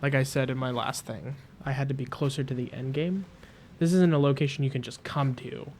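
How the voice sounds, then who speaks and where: A man giving excitable, chatty commentary as he plays a game and reads its text aloud. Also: mid-range voice, brisk, a little hiss or hum. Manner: excitable, chatty, exclaims loudly. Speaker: gaming streamer.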